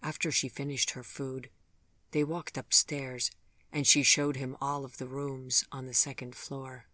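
An audiobook narrator reading a romance novel in a calm, measured way. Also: mid-range voice, dry recording. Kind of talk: scripted narration.

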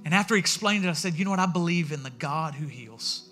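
A man's voice: fairly high pitch, animated, fast talker, a bit bright, soft background music. A man, a pastor giving a sermon in a conversational, storytelling way, acting out the voices he quotes. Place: church sanctuary.

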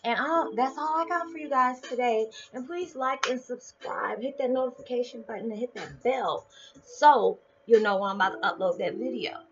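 Animated woman vlogging, lo-fi sound. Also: a little high, normal speed, slight background noise. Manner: animated, laughing, lively swings in loudness. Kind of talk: casual spiritual vlog talk. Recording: dull lo-fi sound with faint music.

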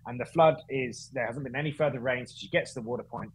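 A man with a husky, slightly breathy voice, telling a story as a podcast guest. He talks in animated bursts, restarting and correcting himself as he goes. His pitch sits in a middle range for a man. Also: quick pace, poor audio. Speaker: guest, running events founder. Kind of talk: casual storytelling chat.

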